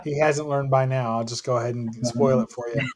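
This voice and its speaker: A man's voice: medium pitch, fairly even intonation, fairly quick, slight background noise. A man teasing and chatting in a casual group conversation.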